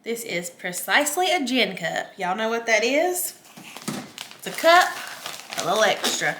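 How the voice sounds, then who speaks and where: A woman's voice: on the high side, sing-song, a little slow, sharp tone, slight background noise. A woman with a Southern US accent, hosting a casual cooking tutorial from her home kitchen in a chatty, folksy way. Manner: chatty, folksy, addresses viewers as y'all. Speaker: home cook host.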